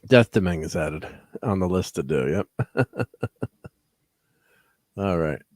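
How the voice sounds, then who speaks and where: A middle-aged man hosting a casual livestream, laid-back and given to chuckling between thoughts. His voice sits low, and the sound is dry and close. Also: lively intonation, slow pace, a little mellow, no room sound. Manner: laid-back, chuckles often, lots of fillers. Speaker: host.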